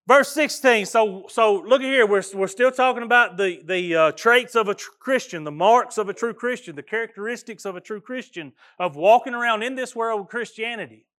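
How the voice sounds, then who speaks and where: High-voiced pastor preaching earnestly. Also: male voice, fairly quick, fairly bright tone. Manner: folksy and earnest, with repeated restarts. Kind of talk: sermon.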